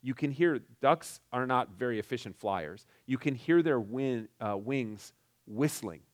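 A man's voice: mid-range voice, animated. Middle-aged man, mid-range voice, casual storyteller who stumbles and restarts as he goes. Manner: halting, many restarts and "like" fillers.

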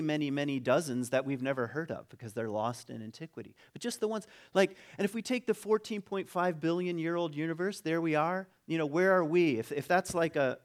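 A man preaching a conversational sermon, reading a passage aloud and breaking off into jokes and asides. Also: on the high side. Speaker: pastor.

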